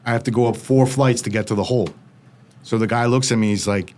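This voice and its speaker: A man's voice: mid-range voice, steady tone, fast talker, a little mellow. Man telling a gripping story. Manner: vivid storytelling with frequent "like" fillers. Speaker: podcast guest. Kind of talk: recounting a personal story.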